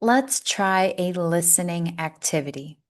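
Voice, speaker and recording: A woman teaching English pronunciation, saying words slowly and deliberately for learners to repeat, with an encouraging teacher tone. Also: on the low side, lively intonation. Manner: slow, deliberate, drawn-out words for repetition. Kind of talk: slow, clear pronunciation lesson.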